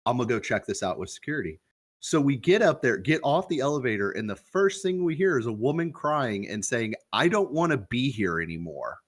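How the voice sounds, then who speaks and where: A man's voice: mid-range voice, big pitch swings, brisk, slightly rough. A young man co-hosting a podcast, telling a story in a loose, profane, casual way and acting out the quoted lines. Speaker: podcast co-host.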